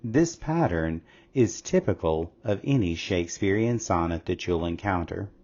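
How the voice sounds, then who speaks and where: A man narrating a scripted English lesson in a slow, measured, explanatory way. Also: deep voice, animated, a little mellow. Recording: slightly dull lo-fi audio.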